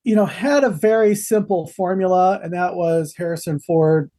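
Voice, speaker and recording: A man's voice: high voice, moderate pace, mellow. Rambling sarcastic male podcast co-host. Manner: rambling, sarcastic, many fillers. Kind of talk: casual podcast chat. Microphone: video call.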